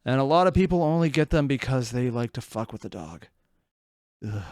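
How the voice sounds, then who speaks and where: A man hosting a reaction video, chatting casually and breaking into animated bursts. His voice sits in a middle range and sounds dry and close. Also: medium pitch, brisk, no room sound.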